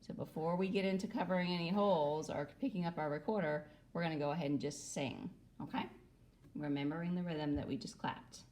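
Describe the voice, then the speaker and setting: A woman's voice: deep voice, steady tone, brisk, darkish tone. A woman music teacher gives a recorder lesson to children, patiently adding "okay?" after nearly every phrase.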